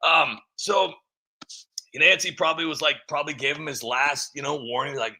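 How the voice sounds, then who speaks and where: A man's voice: fairly high pitch, steady tone, moderate pace, sharp tone. A man giving a rambling, mocking political commentary with many fillers. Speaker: vlogger.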